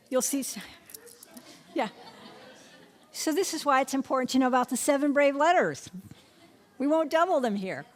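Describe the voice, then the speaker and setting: A middle-aged woman teaching spelling rules to a room of teachers, firing quick questions and often answering them herself. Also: sits high, expressive. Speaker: literacy instructor. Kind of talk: spelling lesson to an audience of teachers.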